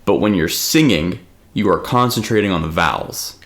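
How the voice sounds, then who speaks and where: Low-voiced man rambling in casual chat. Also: moderate pace, fairly bright tone. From United States. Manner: rambling, filler-heavy storytelling. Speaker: podcast co-host.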